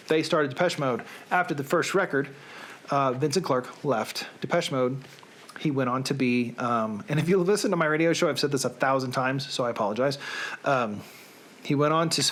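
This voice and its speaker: A man's voice: medium pitch, a little hiss or hum. A man who hosts a radio show, talking in a casual, rambling monologue full of digressions.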